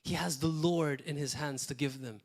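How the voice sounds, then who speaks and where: A man preaching a sermon as pastor, talking in a lively, rambling way and acting out quotes now and then. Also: fairly high pitch, normal speed. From Malta.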